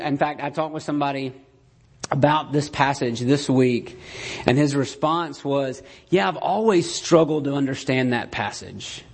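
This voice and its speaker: A man's voice: mid-range voice, a little mellow. Man preaching a conversational sermon. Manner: conversational, keeps asking "right?"; acts out the quoted lines.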